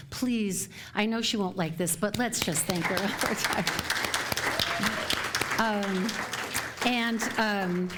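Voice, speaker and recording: A middle-aged woman minister giving a live sermon to her congregation, chatty and quick to laugh as she tells stories. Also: medium pitch. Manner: chatty and warm, laughing often while telling stories. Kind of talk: sermon talk. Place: church sanctuary before a live congregation.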